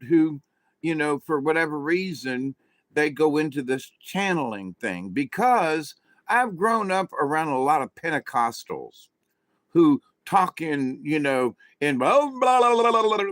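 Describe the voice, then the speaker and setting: Man, slightly high voice, rambling vlog storyteller, dry close mic. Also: fairly bright tone, no echo. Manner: rambling, with restarts and asides to viewers. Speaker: spiritual channel host. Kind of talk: casual storytelling monologue.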